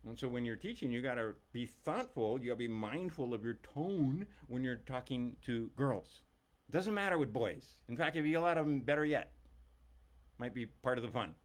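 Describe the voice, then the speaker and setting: Animated middle-aged man ranting. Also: mid-range voice, moderate pace. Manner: emphatic, blunt and profane. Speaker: teacher. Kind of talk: ranting monologue.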